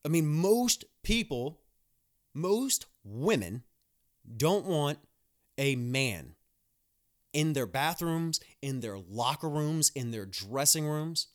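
A man's voice: fairly high pitch, big pitch swings, slow. A young man, a nurse hosting a podcast, talking in a blunt, profane, ranting monologue with mocking asides. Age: young adult.

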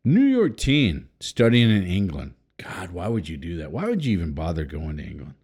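Crude, lively low-voiced man. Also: moderate pace, slightly rough. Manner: crude, jokey, swings between loud and mumbled. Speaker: podcast host. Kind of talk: casual chat, reading headlines.

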